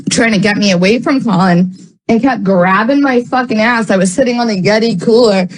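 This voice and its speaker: A woman's voice: medium pitch, a little fast, poor audio. A woman telling a story in casual livestream talk, rambling with many fillers, swearing, and getting heated.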